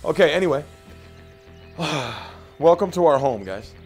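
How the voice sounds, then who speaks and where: A man hosting a gameplay video, brash and profane, joking and bursting into shouts. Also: a little high, animated, measured pace, faint music behind. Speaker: gaming video host. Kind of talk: casual gameplay commentary.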